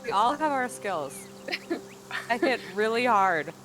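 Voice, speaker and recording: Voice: mid-range voice, very animated, slow pace, background noise. A tabletop game player in casual chat, blunt and playful, laughing often.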